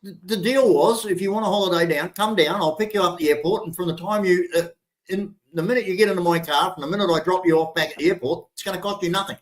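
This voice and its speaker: An older Australian man with a fairly high voice talks loosely on a livestream. He rambles and stumbles over his words, restarting sentences as he goes. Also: fast talker. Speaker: livestream host. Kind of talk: casual livestream chat.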